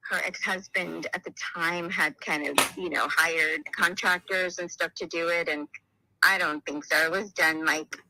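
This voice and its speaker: A woman's voice: fairly low pitch, fairly even intonation, unhurried, sharp tone, slight background noise, poor audio. A woman agent describing a property, hesitant and easygoing, with many fillers. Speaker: listing agent. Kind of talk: phone conversation.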